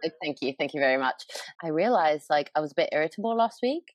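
A woman's voice: sits low, lively intonation, quick pace, no echo. Giggly, chatty woman podcast host. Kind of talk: casual chat.

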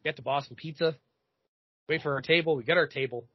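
A man in his thirties, a podcast host, telling a comedic story in an animated, profane way. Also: a little high, a little fast, husky, dry recording, muffled recording. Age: 30s.

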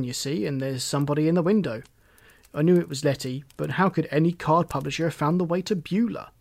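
A man reading the part of an earnest young man returning home, speaking in a lively, emphatic way. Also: fairly high pitch, dry recording.

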